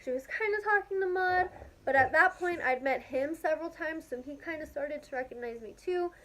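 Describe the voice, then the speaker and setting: A young woman telling a story to her camera in a casual, gushing, excitable way, filling her talk with "like". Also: high-pitched, brisk. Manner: gushing, excitable, heavy use of "like". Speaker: vlogger.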